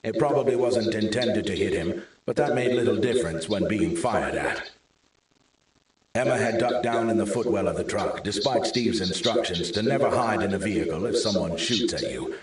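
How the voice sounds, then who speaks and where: A man narrating a thriller audiobook in a steady, measured reading. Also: on the low side, distant mic. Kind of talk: scripted narration. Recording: very echoey room.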